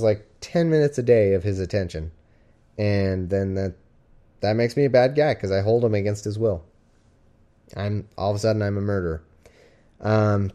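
A man's voice: lowish voice, dark tone. A man hosting a podcast livestream from home, chatting casually and rambling with jokes and fillers. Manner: rambling, joking, with many fillers. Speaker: podcast host. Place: at home with his cat.

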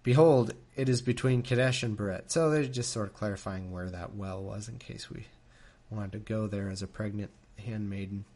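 A man's voice: fairly low pitch, normal speed, a little mellow. A man reading scripture aloud into a desk microphone, breaking off often for laughing, mocking asides. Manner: sardonic, laughing, frequent asides. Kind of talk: irreverent commentary on a reading.

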